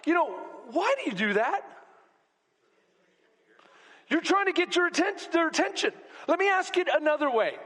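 A man preaching a sermon as pastor to a congregation, swinging between loud exclamations and hushed asides. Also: extremely high pitch, big pitch swings, normal speed, pauses often. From Texas. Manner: preaching with rising shouts and sudden quiet drops. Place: church sanctuary. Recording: long hall reverb.

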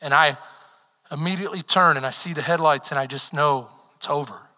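A man preaching a sermon as pastor, telling stories with animation and building to shouted calls to the congregation. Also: a little high, fairly quick. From Texas. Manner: animated storytelling, rising to shouted exhortation. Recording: long hall reverb.

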